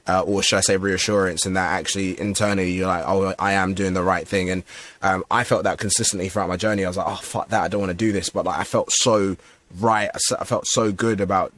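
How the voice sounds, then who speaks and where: In a casual podcast interview, the male host talks fast in a low, fairly bright voice with little pitch movement, his questions long and rambling, full of fillers and false starts.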